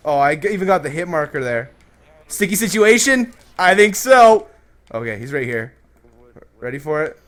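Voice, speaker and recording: A man hosting a comedic advice vlog and shouting hyped gameplay commentary, brash and crude with constant jokes. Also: a little high, expressive, moderate pace. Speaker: YouTube host.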